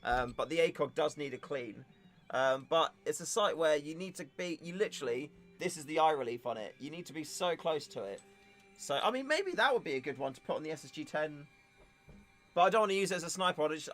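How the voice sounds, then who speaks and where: A man's voice: fairly high pitch, lively intonation, quick pace, a bit bright. A young man hosting a casual livestream, chatting and joking in a rambling way. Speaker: livestream host. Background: faint music.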